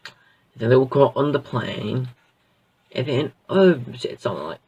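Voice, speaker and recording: A man's voice: mid-range voice, lively intonation, measured pace, creaky, darkish tone, breathy edge, recorded from a distance, lo-fi sound. A man reviewing a show in a casual, rambling way, full of fillers and restarts. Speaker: video reviewer.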